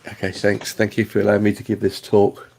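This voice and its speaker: An older man from England with a southern English accent, answering interview questions in a halting, hesitant way. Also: on the low side, monotone, gravelly, a little mellow, slight background noise. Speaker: guest.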